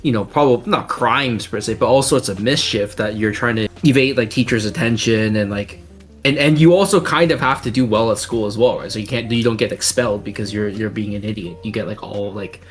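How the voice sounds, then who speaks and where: A man's voice: on the low side, brisk, soft background music. A young man co-hosting a podcast, chatting casually in a rambling, filler-heavy and teasing way. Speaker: podcast co-host. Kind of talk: casual chat.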